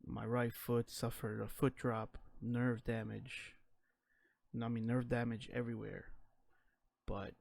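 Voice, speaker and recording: Candid man with a gravelly voice. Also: medium pitch, little pitch movement, slow, darkish tone, no echo. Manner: candid, reflective, loose with fillers like "you know, man". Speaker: vlogger telling his own story. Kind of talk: personal storytelling, casual.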